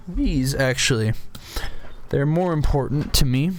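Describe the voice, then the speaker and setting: A man's voice: fairly low pitch, normal speed. A young man with a sore throat, rambling casually at his desk about items he collects, full of restarts and fillers. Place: home room at a desk.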